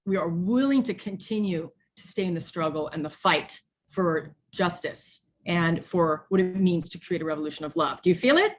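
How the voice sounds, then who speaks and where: Earnest low-voiced woman pastor. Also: lively intonation, normal speed, a little hiss or hum. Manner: earnest, preacherly, thanks people by name. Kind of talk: online church service. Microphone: video call.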